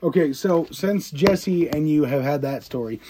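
A young man co-hosting a casual, crude podcast, telling stories with loud impressions and lots of swearing. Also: fairly high pitch, a little slow, slight background noise. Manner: profane, animated storytelling with loud impressions. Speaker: podcast co-host.

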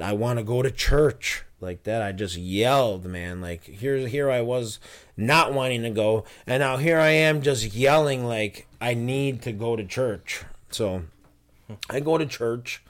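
Low-ish guy telling his testimony, earnest, lots of likes and restarts. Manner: earnest storytelling, many fillers and restarts. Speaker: interview guest. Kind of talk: personal testimony.

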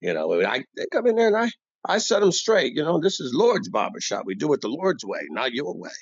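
A man's voice: a little high, very animated, a little fast, slightly rough, no echo, full character voice. A man playing a bossy veteran barber. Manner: boastful, rambling, street-talking. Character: bossy old-school veteran male barber, shop owner. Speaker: barbershop owner. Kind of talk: comic character monologue. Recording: dull dry lo-fi recording.

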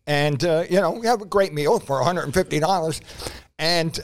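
A man's voice: on the high side, normal speed. A man, a prop comic co-hosting a podcast, telling rambling anecdotes in casual chat, full of restarts and fillers.

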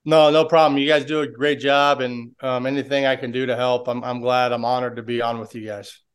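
A man's voice: medium pitch, little pitch movement, a little fast, smooth. A man who is a baseball assistant coach, talking casually as a podcast guest and telling stories with many restarts. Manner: rambling with restarts and storytelling.

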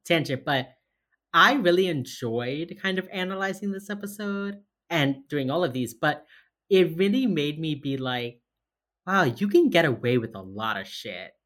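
A woman co-hosting a podcast, casually recapping a TV episode, swearing freely and retelling scenes in quick quoted bits. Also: low-pitched, lively intonation, fairly bright tone. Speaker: podcast co-host.

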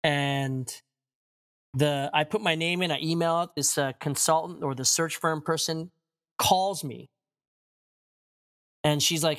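A man's voice: fairly high pitch, measured pace, pauses often. A man in his forties, a pastor, sitting for a casual interview. He tells his story with energy, mimics the people in it, and laughs readily. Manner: animated storyteller, acts out quotes, laughs often. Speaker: pastor, guest.

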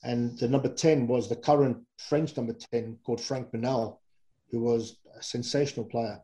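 A middle-aged man from England, a former rugby player, telling relaxed, rambling anecdotes as an interview guest. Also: mid-range voice, moderate pace, low-quality recording. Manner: relaxed, rambling, with fillers and self-corrections. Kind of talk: casual anecdotal storytelling.

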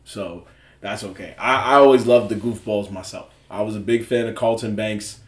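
A man's voice: fairly low pitch, moderate pace, echoey room. A man co-hosting a podcast in casual chat, telling stories with lots of laughter and acted-out bits. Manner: animated storyteller, acts out scenes, laughs often. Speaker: podcast co-host.

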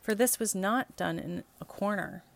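A woman reading scripture and canticles aloud in a measured, steady liturgical style. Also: mid-range voice, gravelly. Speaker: scripture reader.

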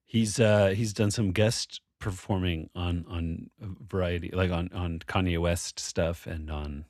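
A man's voice: sits low, steady tone, a little slow, a little mellow, no room sound, studio quality. A man co-hosting a casual chat about a word puzzle, thinking aloud and restarting his sentences often. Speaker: co-host solving a word puzzle.

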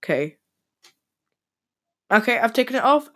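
Fast-talking male podcast host, dry sound. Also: high voice, expressive, fairly bright tone, no room sound. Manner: talks very fast with many fillers and restarts. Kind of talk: casual solo podcast talk.

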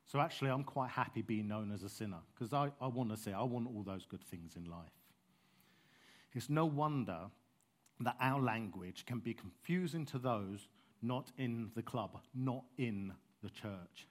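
A man's voice: mid-range voice, unhurried. A man preaching a sermon in a passionate, conversational way, with frank asides to his listeners.

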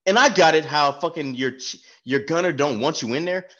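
A man telling an animated, profane army story with frequent laughs in casual podcast chat. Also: a little high, fairly quick. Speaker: podcast co-host, former staff sergeant. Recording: dull lo-fi sound.

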